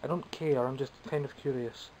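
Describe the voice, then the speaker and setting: A man's voice: medium pitch, steady tone, moderate pace, warm tone, a little hiss or hum, poor audio. A man with a Scottish accent, chatting casually and self-mockingly while showing off toys he bought. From Scotland. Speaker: toy collector vlogger. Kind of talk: casual show-and-tell vlog.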